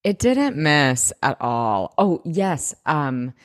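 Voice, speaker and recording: Woman co-host, low voice, gushing and enthusiastic, casual swearing. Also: sing-song, slow pace. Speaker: podcast co-host. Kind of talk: casual chat.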